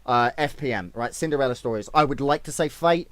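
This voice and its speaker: A man's voice: medium pitch, brisk, a bit bright, dry recording. A man hosting a gaming video, giving casual esports commentary in a blunt, profane, emphatic rant.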